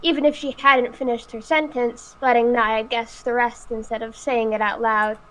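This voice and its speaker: A woman's voice: a little high, little pitch movement, fairly bright tone, rough recording. A woman hosting a live read-aloud of a novel, reading carefully with small slips. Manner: careful, slightly halting reading.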